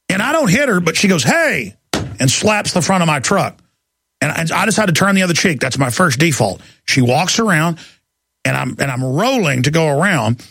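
A man's voice: fairly high pitch, creaky, a bit bright, husky, dry recording. A man in his forties from Texas hosting a political talk radio show, ranting and telling stories in an intense, rambling way. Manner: intense, rambling, emphatic storytelling. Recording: dry studio, faint music.

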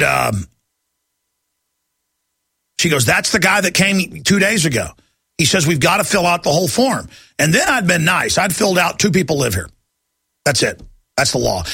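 Gravelly high-voiced guy ranting on talk radio, husky and sharp, dry studio sound. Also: very animated, normal speed, long pauses, dry recording. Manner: ranting, heated and agitated. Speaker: radio talk show host.

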